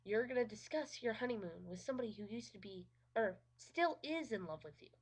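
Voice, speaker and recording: A woman's voice: mid-range voice, expressive, fairly quick, slightly rough. A woman giving a casual, sarcastic movie review, swearing freely and saying "like" constantly. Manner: sarcastic and profane, heavy use of "like".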